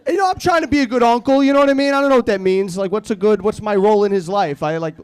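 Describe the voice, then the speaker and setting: A man in his thirties performs a rambling, self-deprecating stand-up set, acting out the people he quotes as the audience laughs. His voice sits high and smooth, and he talks very fast.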